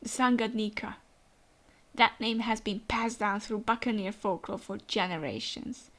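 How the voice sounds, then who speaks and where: A woman reading out the lines of a gentle grieving father comforting his son from a comic. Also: medium pitch, unhurried, natural voice. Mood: tender.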